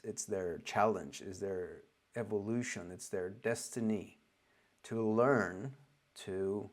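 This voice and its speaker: Spiritual teacher, male, Oregonian accent, non-native English, slow and halting delivery, lowish voice. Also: darkish tone. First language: not English. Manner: halting, searching for words, frequent restarts. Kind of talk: loose spoken lesson.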